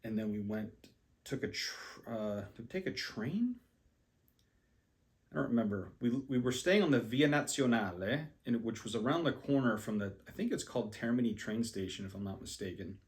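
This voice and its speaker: A man with a lowish voice tells a personal story in a loose, rambling way. He stops and restarts often, fills gaps with ums, and pokes fun at his own abilities. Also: animated, moderate pace. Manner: rambling, self-deprecating, many ums and restarts. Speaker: language learner. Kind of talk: casual storytelling to camera.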